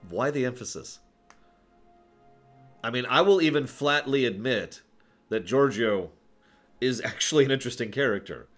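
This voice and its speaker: Animated opinionated male streamer. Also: fairly low pitch. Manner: opinionated, rambling with restarts and sighs. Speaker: streamer host. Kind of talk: casual livestream commentary.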